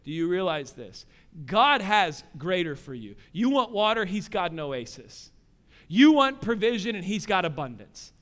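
Male pastor preaching hard, pretty high voice, really smooth tone, goes quiet then big. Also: sing-song, normal speed. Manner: impassioned preaching with rhetorical questions; swings between soft low asides and loud emphatic rises. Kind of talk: sermon.

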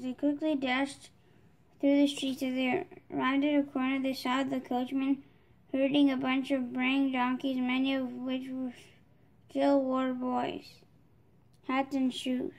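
A woman reading a children's storybook aloud, steady, with small restarts. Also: high voice, a little slow, gravelly. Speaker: storybook reader.

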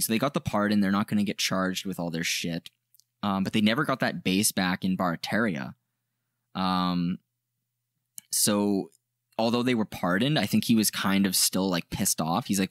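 A man with a low voice talks through history on a podcast, loose and full of fillers and asides. He jokes as he goes. The sound is dry and close, with no room around it. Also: normal speed, dry recording. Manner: rambling, jokey, frequent fillers. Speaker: podcast co-host. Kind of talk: casual history chat.

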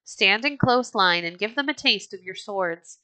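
A woman's voice: mid-range voice, expressive, unhurried, sharp tone, clear, resonant tone, dry recording. A woman voicing a stern, bold male Norse chief in a storybook reading, speaking firmly.

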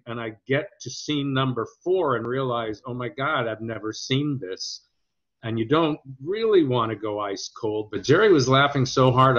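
A man in an interview recalls his acting work at an easy conversational pace, often restarting sentences. His voice sits in a middle pitch. The audio is dull and lo-fi. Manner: storytelling, hesitant restarts, quotes others in lively voices. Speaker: actor guest.

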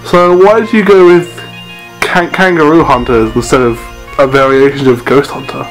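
A man's voice: mid-range voice, steady tone, normal speed, lightly acted, rough recording. A man playing an interviewer who asks dry, skeptical questions in a comedy sketch. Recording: music heard underneath.

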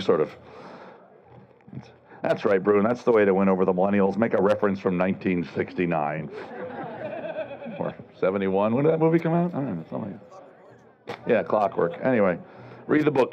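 A man's voice: on the low side, lively intonation, fairly quick, long pauses, a little mellow, muffled recording. Middle-aged guy doing a sarcastic street show at a ren fair, voice all over the place, heckling folks in the crowd. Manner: sarcastic, teasing the audience, barking for a crowd. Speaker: street comedian and juggler. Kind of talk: live outdoor comedy show with crowd banter. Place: outdoor stage at a renaissance fair.

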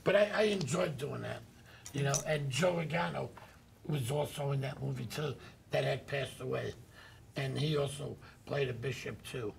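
An older man hosting a talk show, telling rambling, animated stories. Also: mid-range voice, moderate pace, creaky, background noise. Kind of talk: anecdotal chat.

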